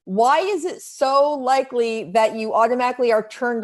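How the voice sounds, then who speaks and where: A woman's voice: on the high side, normal speed. A woman hosting a live stream interview, speaking energetically with emphatic phrasing. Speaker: host.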